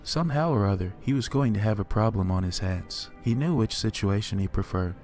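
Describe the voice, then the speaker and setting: A man narrating a horror story in a measured, dark storytelling manner. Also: on the low side, soft background music.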